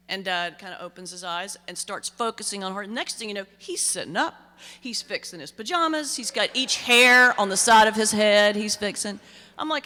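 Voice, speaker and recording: Woman, middle-aged, minister, humorous keynote storytelling, bright tone, long hall reverb. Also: mid-range voice, unhurried. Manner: conversational, anecdotal, with comic timing. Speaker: minister giving a keynote speech. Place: large banquet hall.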